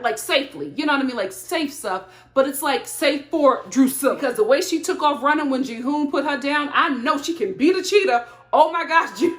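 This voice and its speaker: Woman host, lively recap commentary, raised pitch, roomy echo. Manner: animated, laughing, gossipy asides.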